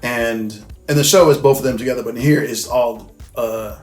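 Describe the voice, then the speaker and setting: A man's voice: mid-range voice, fairly even intonation, moderate pace. A man hosting a casual movie recap, talking in a loose, rambling way, with lots of filler words and swearing. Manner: loose, rambling and profane, full of "like" and "you know what I mean". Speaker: host. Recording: echoey room with faint music.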